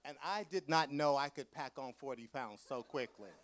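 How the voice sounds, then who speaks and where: A man who is an author, telling comic stories to a live audience at a museum event in an animated, campy way and acting out the voices. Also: mid-range voice, moderate pace, a little hiss or hum. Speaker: author giving a book talk.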